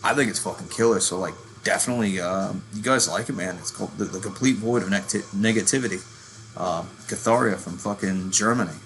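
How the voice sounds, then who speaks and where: A man's voice: fairly low pitch, brisk, fairly bright tone, soft background music. A man in his thirties ranting casually about metal bands, profane and rambling, calling himself a working-class hillbilly. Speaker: metal channel host. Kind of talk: casual rant.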